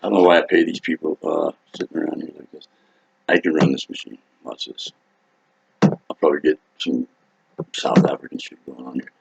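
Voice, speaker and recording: Gravelly man rambling through a rowdy story. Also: extremely low pitch, fairly quick, pauses often, highs cut off. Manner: excitable, profane, acts out quotes loudly. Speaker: rock singer telling a story.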